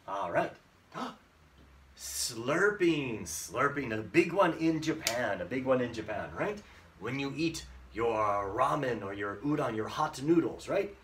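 A male English teacher in an online lesson, acting out sounds playfully and mixing in Japanese words. His pitch moves up and down freely while he keeps an unhurried pace. He sounds a little distant from the mic. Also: lively intonation, fairly bright tone, slight background noise.

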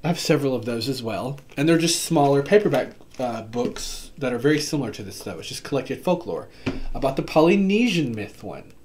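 A man talks casually and eagerly about new books, his voice in an ordinary middle pitch. He rambles with fillers and quick asides. It sounds like a home video recorded on a camera mic. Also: slight background noise. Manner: chatty and excitable, many fillers and asides. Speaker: book vlogger. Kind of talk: casual book haul chat. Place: home room.

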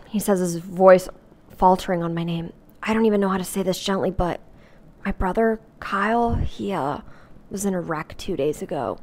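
A woman's voice: lowish voice, moderate pace, a little mellow. A woman in her twenties reading a novel aloud with exaggerated drama and sarcastic asides, chatting with a friend. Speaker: book reviewer reading aloud. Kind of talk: casual chat with dramatic read-aloud.

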